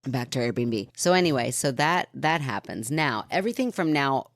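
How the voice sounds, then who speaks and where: A woman's voice: a bass voice, moderate pace, dry recording, studio quality. A woman from Kentucky, a podcast co-host, telling a long personal story in casual chat, laughing often and acting out the people in it. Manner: animated, laughing storyteller who acts out quoted people.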